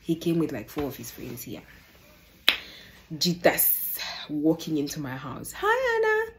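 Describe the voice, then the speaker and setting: A young woman telling a personal story to the camera, animated and exasperated, often calling out to her viewers. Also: deep voice, unhurried, slight background noise. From Namibia. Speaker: vlogger. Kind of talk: casual storytime.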